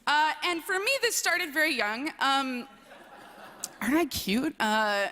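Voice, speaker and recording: A young woman from southern Wisconsin speaks in a bright, sharp tone. She gives a chatty, self-deprecating talk to a chapel gathering. Her voice rings with a long reverb through the large hall. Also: high-pitched, animated, unhurried. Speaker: chapel speaker, speech coach. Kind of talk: humorous personal talk at a chapel service.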